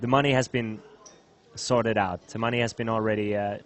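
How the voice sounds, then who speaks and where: A man's voice: lowish voice, steady tone, normal speed. Man co-commentating a poker tournament.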